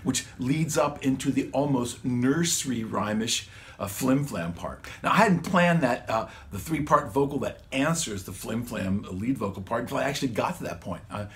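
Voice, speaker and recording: This songwriter and guitarist sounds animated, with a mid-range, fairly bright voice at normal speed. He rambles through a casual home-studio explanation of recording his vocals, peppered with "man" and "dude."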